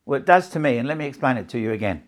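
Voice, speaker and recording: A man's voice: medium pitch, expressive, racing. A man teaching stress relief and better sleep in a live talk to a small audience and a camera, repeating his points and checking that they follow.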